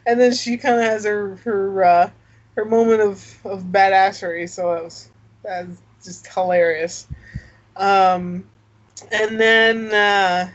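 A woman's voice: medium pitch, steady tone, slow pace. A woman co-hosting a casual chat, laughing often and restarting her sentences. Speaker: podcast co-host. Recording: dull lo-fi sound.

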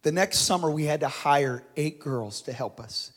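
A man's voice: a little high, normal speed. A man preaching and reading a story aloud, swelling and dropping his volume for drama. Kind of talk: storytelling sermon.

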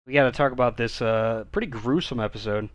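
A man's voice: mid-range voice, fairly quick. A man co-hosting a casual anime podcast, retelling the plot in a laid-back way. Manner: laid-back, relaxed retelling of plot with fillers and mild swearing. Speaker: podcast co-host. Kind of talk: casual anime recap chat.

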